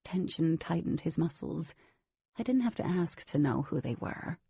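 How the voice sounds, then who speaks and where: A woman's voice: sits low, expressive, normal speed, vocal fry, dark tone, husky, no room sound, highs cut off, heavily acted. A woman narrating a novel as a wary teenage girl, in scripted audiobook style.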